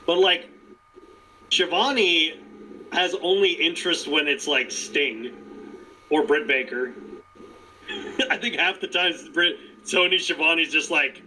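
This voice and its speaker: A man co-hosting a podcast in casual chat, animated, laughing often and trailing off into restarts. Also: on the high side, slow pace, long pauses, a little hiss or hum, low-quality recording. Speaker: podcast co-host.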